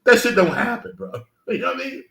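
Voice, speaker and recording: A man's voice: very high voice, quick pace, vocal fry. A man who grew up in Mississippi, co-hosting a casual podcast, telling stories animatedly with a lot of cursing. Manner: animated storytelling, heavy cursing, acts out quoted voices. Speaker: podcast co-host. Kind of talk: casual chat. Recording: roomy echo.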